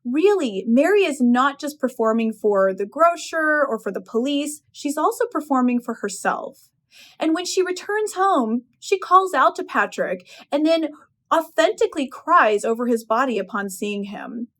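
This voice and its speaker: Woman professor, high voice, lecturing on a short story with lively personal opinions. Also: moderate pace. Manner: expressive, opinionated retelling. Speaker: English professor. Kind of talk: literary analysis lecture.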